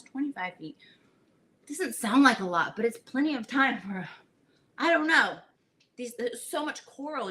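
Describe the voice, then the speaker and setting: A woman's voice: fairly high pitch, sharp tone. A woman hosting a home cooking show, chatting animatedly as she tells a story in her kitchen.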